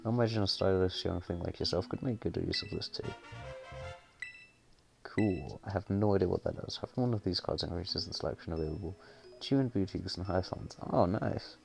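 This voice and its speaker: Fussing old grandma from a game read by a man, low and gravelly, faint music under it. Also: fairly quick. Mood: kindly. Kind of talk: reading game dialogue aloud.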